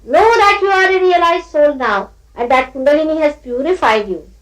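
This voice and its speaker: A woman's voice: high-pitched, expressive, normal speed, fairly bright tone, poor audio. An older woman teaching at a spiritual gathering, scolding her listeners playfully and often breaking into laughter as she mimics them.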